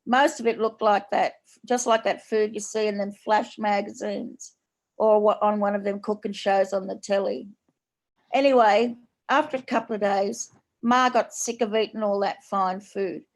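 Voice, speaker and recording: A woman's voice: medium pitch, gravelly. Australian woman author reading her story. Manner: unhurried, plain storytelling in slang.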